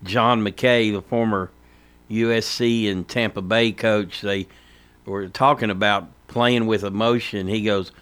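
A man's voice: lowish voice, fairly even intonation, measured pace, a bit bright, clean tone. A man hosting a sports radio talk show, chatting in an easygoing way and chuckling between remarks.

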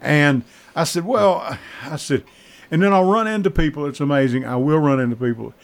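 A man's voice: fairly high pitch, fairly quick. A man hosting a radio talk show, telling rambling stories with many restarts and fillers. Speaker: radio host. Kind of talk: casual radio chat.

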